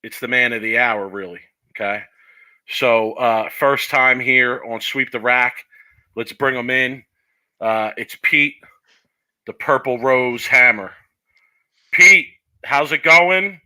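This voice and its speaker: A man's voice: medium pitch, slow pace, pushed and bright, rough recording. A man hosting a casual comedic podcast, loose and playful, with lots of fillers as he interviews a guest. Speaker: podcast host.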